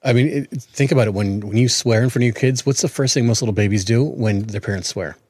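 A man's voice: mid-range voice, quick pace, darkish tone, dry recording, studio quality. Earnest man in his forties. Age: 40s. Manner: earnest, repeats and restarts words. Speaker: podcast co-host. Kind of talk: casual chat.

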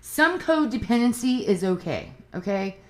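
A woman's voice: mid-range voice, sing-song, normal speed, darkish tone. A woman with a Southern US accent giving relationship advice in a blunt, profane, emphatic casual monologue. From Southern United States.

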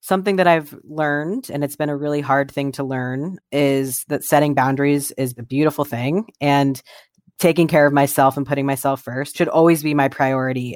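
Earnest, animated interview guest. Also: mid-range voice, normal speed, dry recording, studio quality. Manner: earnest, animated when quoting others. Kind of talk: conversational interview storytelling.

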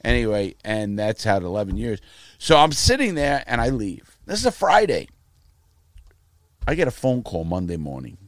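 A man's voice: lowish voice, normal speed, no room sound, studio quality. A middle-aged American man telling his life story in casual chat, blunt and profane, acting out the people in his stories. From United States. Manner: profane, blunt storytelling with lively quoted voices.

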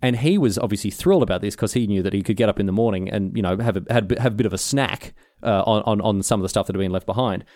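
A man's voice: on the low side, fast, a little mellow, dry recording, studio quality. An Australian man hosting a podcast, answering listener questions in a rambling, teasing casual chat. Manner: rambling, teasing, self-interrupting.

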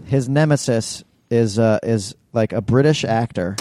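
Man, podcast co-host, casual profane banter, mellow tone, dry close sound. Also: medium pitch, measured pace, no room sound. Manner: profane, jokey, animated retelling. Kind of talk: casual chat.

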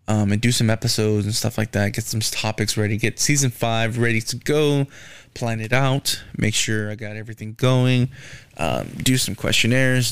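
A man's voice: mid-range voice, vocal fry, clean tone, no room sound. A young man hosting a casual solo podcast, ranting with lots of swearing and filler words. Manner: profane, ranting, frequent "man" and "um". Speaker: podcast host. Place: Houston.

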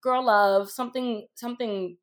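A woman's voice: fairly high pitch, fairly even intonation, moderate pace. A young woman co-hosting a podcast, sassy and sarcastic, in casual chat with frequent laughs. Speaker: podcast co-host.

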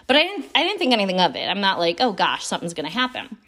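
A woman's voice: medium pitch, sing-song, racing, fairly bright tone. A woman hosting a podcast, telling a personal story in a chatty way, with frank asides and mild swearing. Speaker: podcast host.

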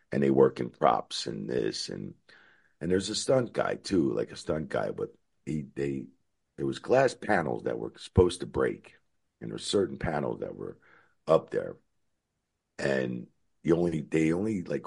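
A middle-aged man from the United States, a former referee, telling stories animatedly and acting out shouted quotes. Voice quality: very deep gravelly voice. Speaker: former wrestling referee, guest. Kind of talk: storytelling interview answer.

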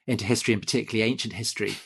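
A man's voice: on the low side, fairly even intonation, very fast, creaky, fairly bright tone, husky. A man hosting a history podcast, talking enthusiastically with many ums and restarts. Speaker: podcast host. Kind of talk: casual podcast conversation.

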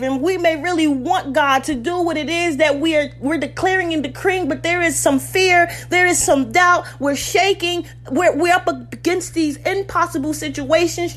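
A fervent woman delivers a sermon with a high, bright voice. She speaks personally to her listeners and acts out the voices of biblical figures as she tells the story. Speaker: preacher.

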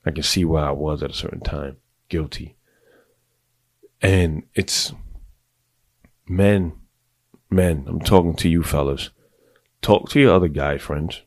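A deep-voiced middle-aged man hosting a podcast, giving blunt, profane, confessional advice to other men in a casual monologue. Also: measured pace, long pauses, darkish tone, dry recording. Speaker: podcast host.

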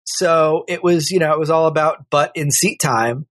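A man's voice: a little high, moderate pace, fairly bright tone, dry recording. A middle-aged man talking as a podcast guest in a casual, candid, rambling way, often correcting himself. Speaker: podcast guest, working father. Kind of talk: casual conversational interview.

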